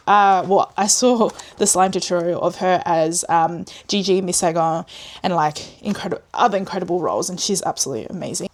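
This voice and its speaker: A young woman vlogging in a chatty, rambling way, gushing and laughing often, on a close mic. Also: mid-range voice. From Australia. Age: young adult. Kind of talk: chatty vlog talk.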